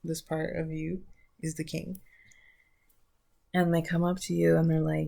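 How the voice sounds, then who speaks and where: Woman, gravelly voice, lowish pitch, casual spiritual talk, thinks aloud. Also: little pitch movement, a little slow, pauses often, dark tone. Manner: loose, searching, thinks aloud. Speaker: vlogger.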